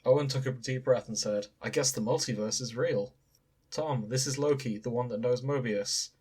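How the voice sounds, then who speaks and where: A podcast co-host reading fanfiction summaries in casual chat, enthusiastic and quick to giggle. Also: mid-range voice, darkish tone, slightly rough.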